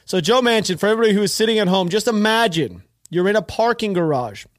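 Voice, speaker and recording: A man's voice: high-pitched, expressive, fast, dry recording, studio quality. A man hosting a podcast, giving casual, mocking commentary with a sarcastic edge and frequent laughter. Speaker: podcast host.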